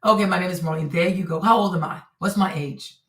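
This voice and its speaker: A woman's voice: on the low side, fast talker, recorded from a distance. Indignant woman streamer, echoey room. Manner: indignant, repetitive rhetorical questions. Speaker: live streamer. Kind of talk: heated live-stream commentary.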